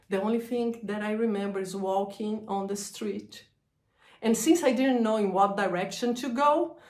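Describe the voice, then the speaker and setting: A woman telling a personal story about a breakdown, halting and emotional, laughing through hard memories. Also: fairly high pitch, echoey room. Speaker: energy healer sharing her story.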